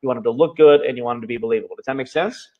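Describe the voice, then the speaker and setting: A male instructor rushes through a live online marketing lesson, checking in with his listeners every few phrases. His voice sits at an ordinary middle pitch. The recording is a little dull and lo-fi. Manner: fast-talking, constantly checking in with "okay?". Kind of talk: live online class teaching.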